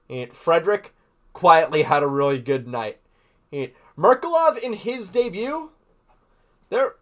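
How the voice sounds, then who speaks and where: A man hosting a podcast, recapping a hockey game in a casual, rambling way full of fillers and restarts. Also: on the high side. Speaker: podcast host.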